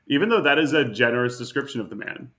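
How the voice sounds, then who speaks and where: A man co-hosting a casual podcast chat, sardonic and quick to laugh. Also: mid-range voice, bright, forceful tone. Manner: sardonic, laughs often, puts on mock voices. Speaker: podcast co-host.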